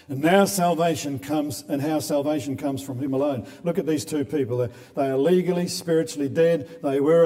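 A man's voice: on the high side, warm tone. A man preaching a sermon in an earnest way, often repeating words as he builds a point. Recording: long hall reverb.

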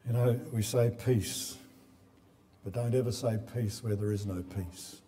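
A male preacher delivers an earnest sermon in a mellow, dark voice. His words ring out with a long reverb, as in a big church hall. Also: lowish voice, unhurried. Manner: earnest, repeats words when building a point.

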